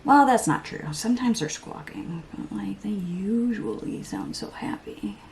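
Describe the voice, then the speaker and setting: A woman's voice: medium pitch, lively intonation, unhurried, vocal fry, a little mellow, slight background noise. Chatty woman rambling through her makeup. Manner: rambling, self-mocking, breaks into playful voices and laughs. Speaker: beauty vlogger. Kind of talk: chatty get-ready-with-me vlog.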